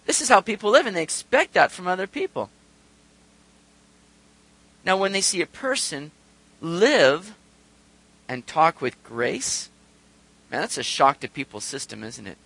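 A man preaching a sermon in an animated way, asking rhetorical questions and acting out the voices of the people he quotes. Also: on the high side, a little slow, creaky, long pauses, breathy edge, dry recording, poor audio. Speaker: pastor.

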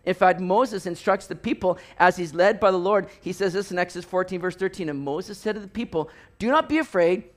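A man preaching a sermon, telling stories with animated delivery and acting out the voices of people in them. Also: high voice, brisk, hardly any pauses. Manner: animated storytelling, acts out voices, rising to near shouts. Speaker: pastor.

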